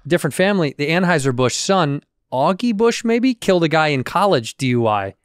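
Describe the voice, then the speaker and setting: Eager man co-hosting with quick interjections. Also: a little high, sing-song, smooth, dry recording, clean studio sound. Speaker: podcast co-host. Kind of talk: casual chat.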